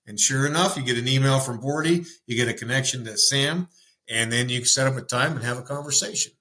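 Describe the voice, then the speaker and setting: A man's voice: mid-range voice, brisk, bright, forceful tone, rough recording. A man from the West Coast of the United States, a guest on a podcast, giving upbeat practical advice in a casual conversation. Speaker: podcast guest, marketing agency founder.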